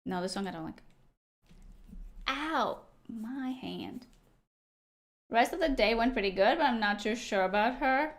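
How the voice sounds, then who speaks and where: A woman's voice: a little high, lively intonation, unhurried, pauses often. A young woman live-streaming a game, chatting casually and teasing her viewers as she answers them. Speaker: livestreamer.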